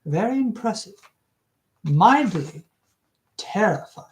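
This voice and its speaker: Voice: medium pitch, very animated, takes it slowly, voice pushed up. Reader doing an uneasy, eager shopkeeper. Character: nervous shopkeeper craftsman.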